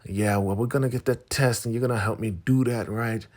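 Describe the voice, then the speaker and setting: A man's voice: mid-range voice, steady tone, a little fast, darkish tone, voice pushed up, natural voice. A man voicing a bossy, nagging older woman elder from a drama he is recapping. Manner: pushy, demanding.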